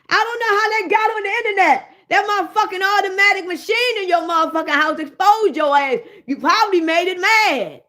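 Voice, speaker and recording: A woman hosting a comedic rant, profane and animated, talking straight to her listeners. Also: very high voice, brisk, hardly any pauses. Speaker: host.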